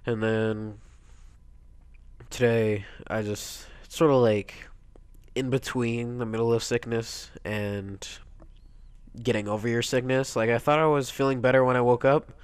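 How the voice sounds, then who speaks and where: A teenage boy with a stuffy nose from a cold, quietly rambling through casual gameplay commentary, breaking into excited yelps now and then. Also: mid-range voice, unhurried, pauses often, clear, resonant tone, no room sound. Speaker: let's play gamer.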